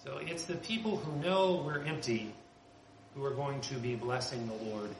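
A man's voice: mid-range voice, moderate pace. A man preaching a sermon as a pastor, earnest and conversational, lifting his voice to stress key points. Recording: roomy with background noise.

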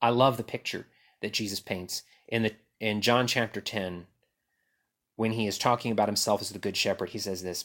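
Animated preacher man with hushed drops. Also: medium pitch, normal speed. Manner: animated, acts out quotes and swings from loud to hushed. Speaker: pastor. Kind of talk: sermon.

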